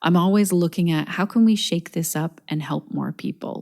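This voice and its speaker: This is a woman who hosts a yoga teachers' podcast, and she speaks in a casual, earnest, upbeat way. Her voice is fairly low and has a warm, mellow tone. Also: moderate pace, gravelly. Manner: earnest, upbeat, laughs between thoughts. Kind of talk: casual solo podcast talk.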